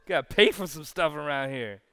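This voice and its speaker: Bright, animated man preaching a sermon. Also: fairly high pitch, in a large hall. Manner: animated storytelling, acting out quotes. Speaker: pastor. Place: church sanctuary.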